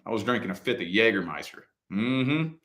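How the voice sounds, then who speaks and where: A man's voice: lowish voice, lively intonation, brisk, fairly bright tone. A man chatting casually as a vlog co-host, telling a personal story in a loose, profane way and repeating his phrases as he goes.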